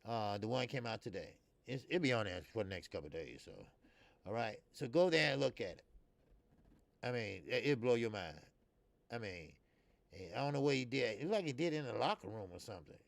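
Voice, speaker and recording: A man in his fifties hosting a boxing talk show, swearing freely and rambling with many fillers, jumping between loud emphatic bursts and low mutters. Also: animated, fairly quick, gravelly, dry recording. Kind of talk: casual opinionated commentary.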